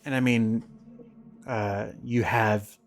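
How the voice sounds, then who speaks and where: Low-voiced man narrating a tabletop game. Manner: relaxed, halting narration with many fillers. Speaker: game master.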